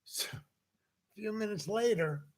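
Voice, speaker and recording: A man's voice: sits high, measured pace. A man hosting a casual talk show, telling a long anecdote and acting out the people in it. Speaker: podcast host. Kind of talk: casual storytelling chat.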